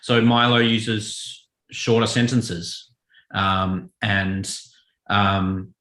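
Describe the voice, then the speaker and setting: A man, a children's author, answering interview questions in a thoughtful, self-correcting, relaxed way. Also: fairly low pitch, very slow. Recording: echoey room.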